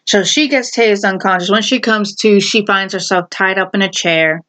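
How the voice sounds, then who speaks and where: A woman casually retelling a half-remembered TV episode, rambling with many fillers and quick acted quotes. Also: medium pitch, a bit bright. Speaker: video host.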